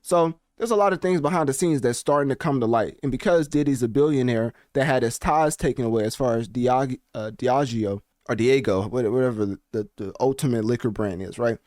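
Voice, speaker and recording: A man hosting a casual commentary video, talking in an animated, slangy and rambling way. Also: medium pitch, fairly quick, few pauses, no room sound, studio quality. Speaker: commentary channel host.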